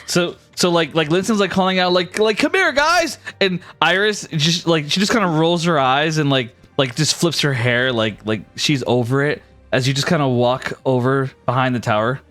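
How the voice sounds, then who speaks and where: A man's voice: on the high side, moderate pace, hardly any pauses, a bit bright, soft background music. A young man narrating as game master in loose casual speech full of fillers.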